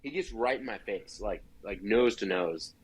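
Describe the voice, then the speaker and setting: A man's voice: fairly low pitch, animated, moderate pace, husky, rough recording. A man from Idaho, a podcast guest, telling a hunting story in a chatty way full of "like" fillers. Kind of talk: casual storytelling.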